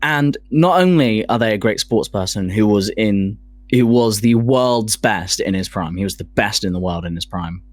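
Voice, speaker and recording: A man's voice: on the low side, animated, normal speed, dry recording. A man co-hosting a casual podcast, reading from notes, swearing casually and laughing at himself. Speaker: podcast co-host presenting a segment.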